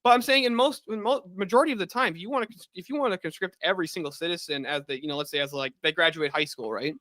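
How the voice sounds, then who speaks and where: A man with a high, bright voice argues in a live online debate, talking fast with big swings in pitch. He is blunt and swears freely, cutting in without pausing. The sound is dry, with no room around it. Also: no echo. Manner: blunt, swearing, rapid back-and-forth.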